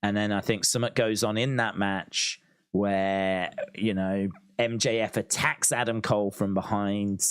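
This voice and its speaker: A man's voice: lowish voice, fairly even intonation, measured pace, clean tone, no room sound, studio quality. A man hosting a live wrestling watch-along, chatting casually and reading out viewer comments. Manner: chatty, reads out viewer comments, laughs often.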